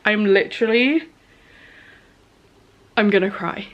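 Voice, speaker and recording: A woman in her thirties chatting through a casual vlog as a small business owner, gushing and excitable with chatty asides. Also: medium pitch, a little slow, long pauses. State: out of breath in places. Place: home studio office.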